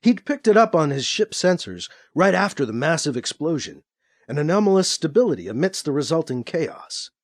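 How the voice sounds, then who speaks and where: Male narrator, expressive storybook read, high and animated. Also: normal speed. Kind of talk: scripted narration.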